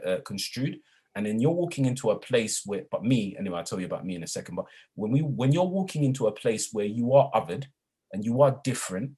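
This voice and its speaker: A man with a husky, slightly hoarse voice, talking as an interview guest. He moves from a calm, reflective tone to an animated storytelling pace. His pitch sits in an ordinary middle range. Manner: reflective, builds to animated retelling. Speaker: guest, educator and former youth worker.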